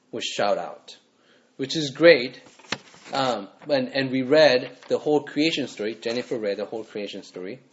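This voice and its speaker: A man's voice: medium pitch, highs cut off. A man, a pastor, preaching a sermon in a conversational way, often asking the congregation rhetorical questions.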